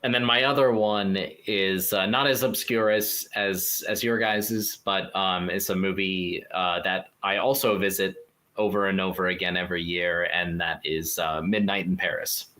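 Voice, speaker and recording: Bright-voiced man chatting loosely. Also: sits low, fairly even intonation, moderate pace. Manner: loose and rambling, laughs often. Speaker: podcast co-host. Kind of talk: casual chat.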